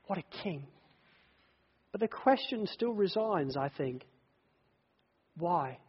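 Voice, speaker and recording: High-voiced man preaching a dramatic sermon. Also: husky, in a large hall, muffled recording. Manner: dramatic storytelling that swells from hushed to loud, repeated triple phrases.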